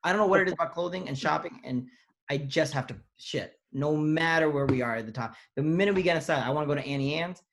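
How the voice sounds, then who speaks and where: A man's voice: a little high, fast, a bit bright, slight background noise. A man co-hosting a podcast, talking casually, rambling and swearing freely. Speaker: podcast co-host. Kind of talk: casual comedic chat.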